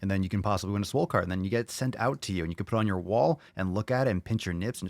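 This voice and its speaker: A man's voice: lowish voice, very fast, hardly any pauses. A male podcast host talking in a casual, profane, fired-up rant to his live audience. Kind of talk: casual livestream podcast chat.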